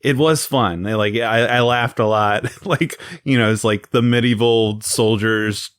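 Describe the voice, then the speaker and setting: A man's voice: lowish voice, fairly even intonation, a little slow, a bit bright, no room sound. A man co-hosting a film podcast, joking and laughing a lot in casual chat. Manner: joking, laughs a lot, mock-gravelly impressions. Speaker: podcast co-host.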